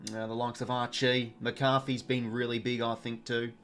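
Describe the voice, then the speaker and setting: A man's voice: medium pitch, little pitch movement, normal speed, a bit bright. A young Australian man hosting a live watch-along stream, chatting casually, full of fillers and greeting viewers from chat.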